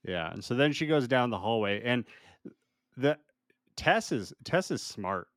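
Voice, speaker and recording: A man's voice: mid-range voice, animated, measured pace, dry recording, studio quality. Laid-back man recapping a horror film. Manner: laughs often, easygoing recap. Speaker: podcast co-host. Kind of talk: casual chat.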